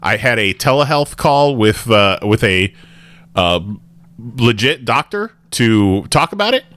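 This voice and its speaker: Man, podcast host, casual chat, bright voice, rambling, laughs a lot. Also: mid-range voice, very animated, unhurried. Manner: laughs often, rambling with restarts.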